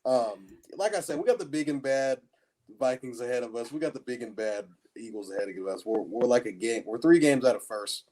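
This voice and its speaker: A man's voice: mid-range voice, brisk, a little mellow. A man co-hosting a casual sports podcast, talking in a sarcastic, mock-gloomy way and dropping "man" often. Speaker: podcast co-host.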